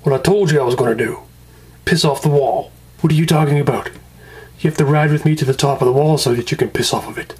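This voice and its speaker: A man's voice: fairly high pitch, quick pace, a little mellow, breathy edge. A man voicing two bickering toy soldiers in a homemade skit, in a casual, joking manner. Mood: bantering.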